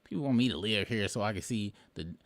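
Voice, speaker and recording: A man in his late thirties talks straight to his audience in a loose, rambling monologue, swearing freely and leaning hard on certain words. His voice sits low, and the sound is dry and close with no room echo. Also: expressive, fast. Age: late 30s. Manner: rambling, profane, emphatic. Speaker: show host. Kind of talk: casual commentary monologue.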